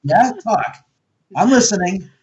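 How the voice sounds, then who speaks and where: A blunt, animated man tells his stories with plenty of swearing, his voice jumping up and down in pitch. He acts out bits of dialogue as he goes, in a loose interview chat. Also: a little slow. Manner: blunt, profane, storytelling with acted quotes. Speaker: guest, haunted house owner.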